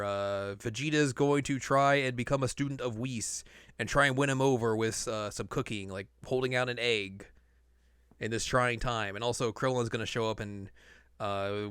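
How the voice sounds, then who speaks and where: Co-hosting a podcast, a man casually recaps an episode in a rambling way, filling it with lots of "uh" and "like." His mid-range voice is fairly bright and clean, recorded with dry, clean studio sound.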